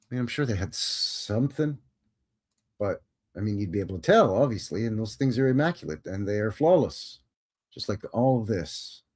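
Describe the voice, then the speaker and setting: A man's voice: fairly low pitch, lively intonation, normal speed, a little mellow. A man hosting a live show who comments casually on photos, with a wry and joking manner that turns easily to amazement. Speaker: host.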